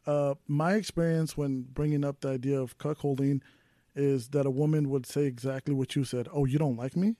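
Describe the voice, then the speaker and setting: A man's voice: mid-range voice, little pitch movement, normal speed, mellow, no echo, clean studio sound. A man hosting a podcast in a casual interview conversation. He talks openly and offers advice to his listeners. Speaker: podcast host.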